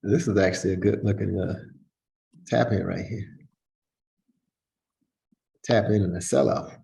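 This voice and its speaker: A man's voice: sits low, fairly even intonation, unhurried, gravelly, dark tone. A man hosting a casual market analysis chat, talking in a hesitant way with lots of fillers and restarts.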